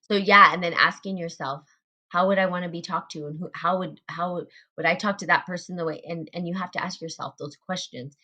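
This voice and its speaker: A woman's voice: lowish voice, fairly even intonation, fairly quick, bright, forceful tone. A woman hosting a spiritual group talk, speaking earnestly about self-love, repeating phrases and using fillers. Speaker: podcast host.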